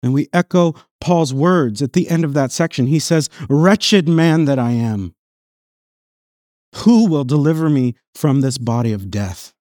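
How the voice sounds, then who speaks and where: A man's voice: measured pace, dry recording, clean studio sound. Earnest male pastor preaching a sermon. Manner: earnest, swells louder and higher on emphatic lines, drops low and quiet on solemn ones; reads scripture passages aloud within the sermon.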